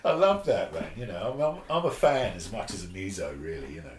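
A low-voiced man tells a story in a relaxed interview, his pitch leaping up and down as he acts out other people's lines. He swears freely and laughs through the tale. The room around him adds a noticeable echo. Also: brisk, a little hiss or hum. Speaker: session bass player. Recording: roomy echo.

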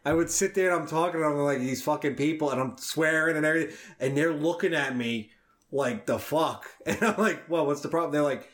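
A young man with a New York accent chats on a podcast, his voice sitting a little high for a man. He tells stories with animated energy and swears freely. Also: brisk. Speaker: podcast co-host. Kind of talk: casual chat.

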